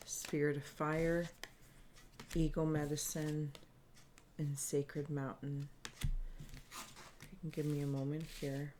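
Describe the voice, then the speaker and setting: A woman giving a spiritual reading, speaking softly and earnestly in halting, searching phrases that she often restarts. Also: low voice, little pitch movement, slight background noise. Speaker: spiritual reader. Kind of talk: improvised intuitive reading to camera.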